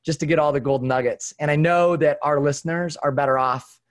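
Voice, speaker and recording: A man's voice: on the high side, fairly even intonation, brisk. Effusive man podcast host. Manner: effusive, affirming, praises the guest. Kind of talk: podcast conversation.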